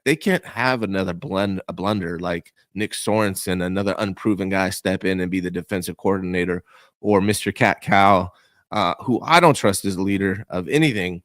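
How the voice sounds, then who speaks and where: A man's voice: low-pitched, fairly bright tone, dry recording, studio quality. A young man co-hosting a casual sports talk show, talking emphatically with casual slang and strong opinions. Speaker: co-host.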